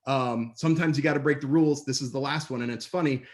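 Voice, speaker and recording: A man giving an upbeat, playful presentation over a video call from home. He tells stories and jumps into quick voices when he quotes people. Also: medium pitch. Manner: lively, playful storyteller with quick put-on voices for others. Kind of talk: energetic online talk. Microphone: computer mic on a video call.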